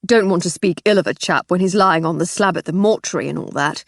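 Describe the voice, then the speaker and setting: Woman doing a tipsy blustering gentleman. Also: mid-range voice, big pitch swings, moderate pace, dry recording, clean studio sound. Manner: slightly drunk, blustering.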